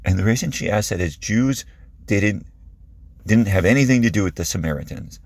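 A man's voice: fairly low pitch, lively intonation, normal speed, a little mellow, no room sound. A man preaching a sermon who retells a Bible story in a conversational, vivid way.

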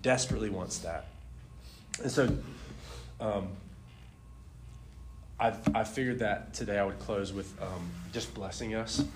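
Animated young man telling a faith story. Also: lowish voice, measured pace, long pauses, noisy background. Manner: animated storyteller, laughs often, lots of "like". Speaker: speaker sharing a testimony. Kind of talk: casual testimony talk.

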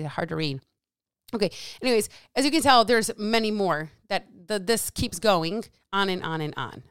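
A woman's voice: mid-range voice, clear, resonant tone, dry recording, studio quality. A middle-aged woman hosting a solo podcast as a diet coach, talking bluntly and sarcastically with plenty of swearing. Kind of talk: casual solo podcast rant.

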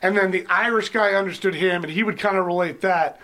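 A man's voice: high-pitched, a little fast, bright, forceful tone. A man telling rambling, jokey stories in a casual chat with friends. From Canada.

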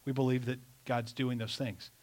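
A man preaching a sermon in an animated, conversational way, asking the congregation rhetorical questions. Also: mid-range voice, normal speed. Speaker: pastor.

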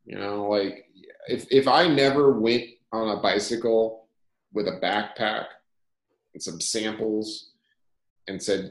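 A young man, a company founder, talking as a guest in a casual interview, telling energetic stories and acting out dialogue. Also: lowish voice, takes it slowly. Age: young adult. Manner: energetic storyteller, repeats phrases, acts out dialogue. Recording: roomy echo.

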